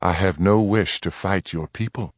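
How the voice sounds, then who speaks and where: A man's voice: low voice, sing-song, slow pace, no echo, heavily acted. A man voicing a proud, steadfast frontier mother in a read-aloud western, speaking firmly and with dignity. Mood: firm, dignified. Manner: firm, dignified, plainly spoken.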